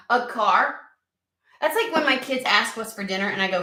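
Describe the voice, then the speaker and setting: A woman giving a casual tarot reading, excitable and profane, who argues back at the cards she draws. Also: fairly high pitch, normal speed, roomy sound, recorded from a distance. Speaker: tarot reader.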